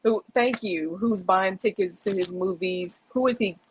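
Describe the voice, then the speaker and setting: A woman's voice: mid-range voice, a little slow, a little hiss or hum, rough recording. A woman co-hosting a podcast, outspoken and asking rhetorical questions. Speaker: podcast co-host. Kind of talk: casual podcast chat.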